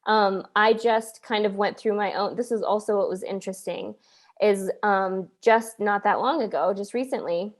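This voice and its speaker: A woman's voice: mid-range voice, moderate pace. A woman hosting a podcast, talking in an earnest, coaching way with many restarts. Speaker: podcast host. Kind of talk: casual podcast conversation.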